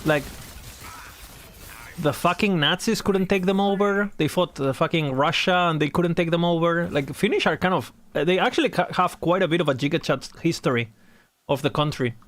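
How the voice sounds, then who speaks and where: A man's voice: on the high side, normal speed, fairly bright tone. A young man chatting casually while streaming a game, rambling, swearing and laughing often.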